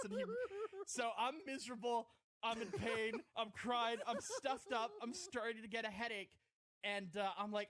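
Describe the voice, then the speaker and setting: A man's voice: very high-pitched, moderate pace, a bit bright, no echo. A man on a podcast telling a self-mocking comic story, rambling and breaking into laughter. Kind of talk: casual comedic storytelling.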